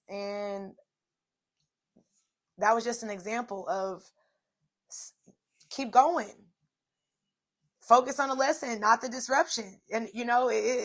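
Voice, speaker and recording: A woman's voice: fairly high pitch, a bit bright. A woman in her twenties hosting a solo podcast, telling a personal story in a chatty, casual way with many fillers. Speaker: podcast host.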